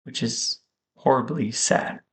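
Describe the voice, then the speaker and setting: A man thinking aloud in a reflective vlog monologue, slow and halting, with frequent pauses. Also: mid-range voice, steady tone, husky. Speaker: vlogger.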